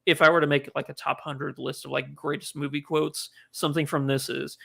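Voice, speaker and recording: A man's voice: on the high side, flat delivery, fairly quick, gravelly, hardly any pauses, fairly bright tone, husky. A man co-hosting a casual movie podcast, rambling and laughing often as he talks through films he loves. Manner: chatty, rambling, laughs often, gets emotional. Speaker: podcast co-host. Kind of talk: casual movie review chat.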